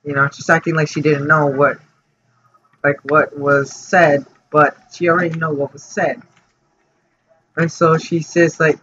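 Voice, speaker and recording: A man's voice: a little high, flat delivery, measured pace, long pauses, sharp tone, breathy edge. A man telling a story for his vlog in a casual, rambling way, full of fillers and restarts. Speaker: vlogger. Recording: dull lo-fi audio with faint noise.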